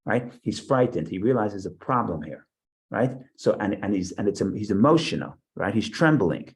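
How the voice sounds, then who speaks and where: A man's voice: on the low side, sing-song, normal speed, rough recording. A man teaching a Bible study class over a video call, thinking aloud with frequent restarts and asides. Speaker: Torah teacher.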